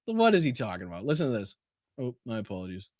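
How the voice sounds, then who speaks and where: A man's voice: medium pitch, huge pitch swings, fast, darkish tone, dry recording, clean studio sound. A man hosting a podcast, reacting to clips in casual political commentary, incredulous, swearing and laughing as he talks. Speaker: podcast host.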